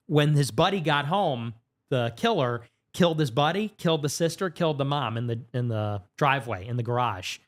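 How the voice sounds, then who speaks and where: Man, podcast guest, animated storytelling, quick bursts, jumpy pitch. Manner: fast, animated retelling with sudden pitch jumps. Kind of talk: casual storytelling interview. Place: podcast studio.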